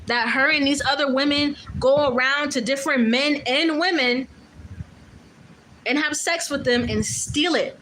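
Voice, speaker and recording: A woman's voice: high voice, measured pace, pushed and bright, slight background noise, rough recording. A woman doing a casual tarot reading, talking bluntly and loosely, with profanity and many fillers. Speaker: tarot reader.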